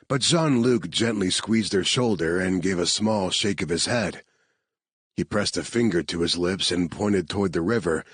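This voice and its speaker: A man narrating an audiobook in a measured, even reading. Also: low voice, breathy edge, dry recording, clean studio sound.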